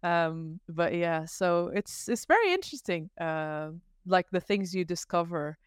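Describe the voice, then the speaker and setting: A woman's voice: on the low side, lively intonation, unhurried, clean tone, dry recording, clean studio sound. A woman talking as a guest on a podcast, chatty and rambling, laughing easily. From not Canadian, living abroad. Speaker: guest artist. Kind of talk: casual podcast conversation.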